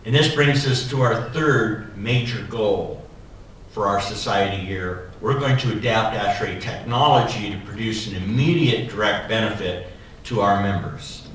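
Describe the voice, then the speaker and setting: A man delivers a keynote, spinning a lively, funny story about his early working days. His voice booms back from a large, echoing hall. He sounds set well back from the microphone, with a faint rumble underneath. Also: a little slow. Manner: animated humorous storytelling. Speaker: society president giving a keynote. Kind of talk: keynote speech with personal anecdote. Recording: echoey hall, voice from far off.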